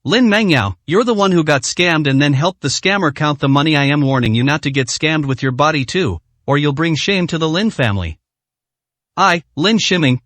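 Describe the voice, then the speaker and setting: A man's voice: fairly high pitch, fairly bright tone, no room sound. A man voicing an arrogant young playboy who talks in a sarcastic, sneering way in an audiobook.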